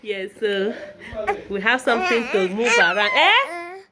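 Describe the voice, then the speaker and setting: Indoors at home, with a loud crowd audible, a young Nigerian woman talks to the camera and coaxes her baby son in a casual vlog. Her voice is on the high side and sing-song, at a measured pace, and she's playful and quick to laugh.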